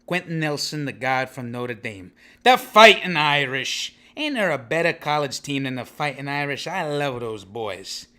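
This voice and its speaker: A man's voice: mid-range voice, sing-song, unhurried, hardly any pauses, bright, forceful tone. A man hosting a comedic sports podcast, rambling in brash wise-guy banter and tossing in "okay?" after his picks. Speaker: podcast host.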